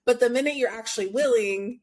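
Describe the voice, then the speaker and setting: Relaxed young woman interviewer. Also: a little high, a little fast. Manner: relaxed, reflective, uses lots of "like". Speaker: podcast interviewer. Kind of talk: casual conversational interview.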